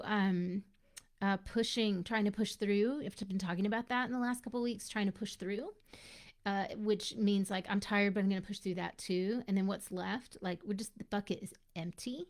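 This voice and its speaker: Gravelly-voiced woman coaching mothers live. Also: medium pitch, darkish tone. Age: adult mother of young children. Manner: chatty, greets viewers by name and speaks to them directly. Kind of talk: live-streamed coaching talk.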